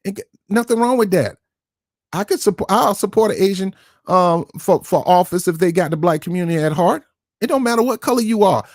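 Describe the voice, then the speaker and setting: Man, ranting commentary host, emphatic, confrontational, slightly high voice, dry close sound. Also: a little mellow, no echo. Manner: emphatic, confrontational, repeats words for stress.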